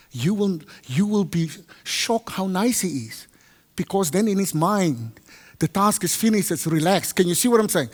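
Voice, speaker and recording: A man preaching to a congregation, lively and teasing, switching between English and Afrikaans and quizzing his listeners. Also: high-pitched. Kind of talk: teaching sermon to a congregation. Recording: long hall reverb.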